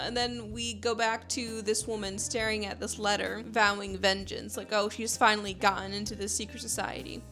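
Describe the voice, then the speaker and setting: A young woman novelist from Panama talks through her book ideas in a chatty, rambling way, full of fillers and enthusiasm. Her voice sits high, and she records from her home computer room with faint music underneath. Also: fairly bright tone. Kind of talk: chatty writing vlog.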